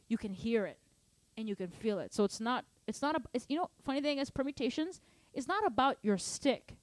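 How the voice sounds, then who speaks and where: A woman drum teacher talks students through accent exercises in a loose, long-winded way, breaking into sung counts and syllables to demonstrate. Her voice sits a little high, and the recording is dry and close. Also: dry recording. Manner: animated, sings rhythms and counts aloud; chatty, long-winded explanations. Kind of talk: casual online drum lesson Q&A.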